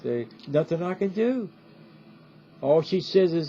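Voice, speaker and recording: A man's voice: on the high side, animated, measured pace, warm tone, a little hiss or hum. An older man giving a rambling direct-to-camera talk, repeating himself and often asking "See?". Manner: repetitive, keeps asking "See?". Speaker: video commentator. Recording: dull lo-fi audio with faint music.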